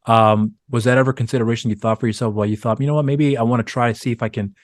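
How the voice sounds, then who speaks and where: A man's voice: mid-range voice, steady tone, racing, no room sound. A man hosting a podcast interview, asking long winding questions with many restarts. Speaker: podcast host. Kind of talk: casual interview chat.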